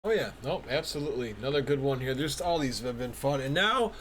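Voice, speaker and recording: A man's voice: mid-range voice, expressive, fast talker, a bit bright, a little hiss or hum. A man co-hosting a podcast, chatting about comics in a friendly, loose way, sprinkled with "you know" and "uh". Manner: chatty and upbeat, laughing, hedging with "you know". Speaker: podcast co-host. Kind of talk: casual comic review chat.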